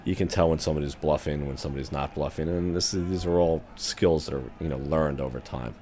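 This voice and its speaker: A man with a very deep voice talks quickly and briskly, reflecting on his years as a floor trader for a documentary. Faint noise hangs in the background. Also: fairly even intonation, dark tone. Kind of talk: documentary interview.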